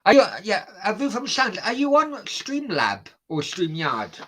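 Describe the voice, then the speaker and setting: A man's voice: high-pitched, huge pitch swings, measured pace, fairly bright tone. A man hosting a football watchalong stream, chatting bluntly and swearing as he answers his chat. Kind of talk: casual live-stream chat.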